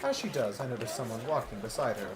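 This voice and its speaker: Lively male streamer reading aloud. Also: mid-range voice, quick pace, over a noisy crowd. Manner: joking, lively narration. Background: game music.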